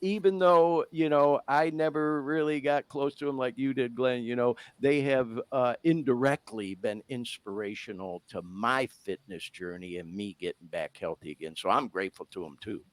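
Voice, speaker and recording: A man's voice: mid-range voice, steady tone, normal speed, few pauses, no echo. A man hosting a podcast, talking casually and candidly, swearing freely and getting emotional about his own fitness. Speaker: podcast host.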